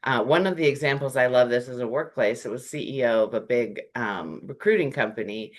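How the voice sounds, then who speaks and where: A workshop presenter speaking in a relaxed, conversational way, with frequent fillers and lively shifts in tone. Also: medium pitch, fairly quick. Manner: animated, acts out short quoted greetings; chatty, with frequent "um" and "like".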